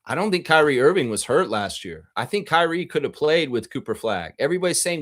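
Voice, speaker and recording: A man's voice: a little high, very animated, a little fast, few pauses, fairly bright tone. A man hosting a casual live sports reaction stream, reading chat aloud and giving rambling, opinionated takes.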